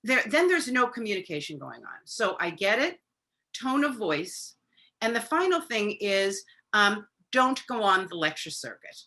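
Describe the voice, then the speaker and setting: Woman, parenting expert on a video-call webinar, bright clear voice, chatty advice with lots of fillers. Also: on the high side. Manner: conversational, acts out parent-child dialogue; frequent fillers.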